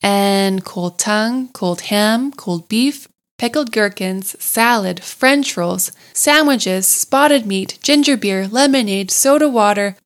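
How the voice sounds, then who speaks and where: A woman's voice: medium pitch, natural voice. A woman voicing a cheerful, enthusiastic male water rat in a storybook reading, with a hearty, exclaiming manner. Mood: matter-of-fact. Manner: hearty, exclaiming, rapid lists. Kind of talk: storybook character voice.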